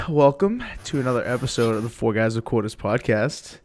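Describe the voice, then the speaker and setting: A man's voice: medium pitch, lively intonation, fairly quick. A man hosting a streamed gaming podcast, chatting casually and rambling with plenty of fillers. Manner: rambling, loose delivery with many fillers. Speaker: podcast host.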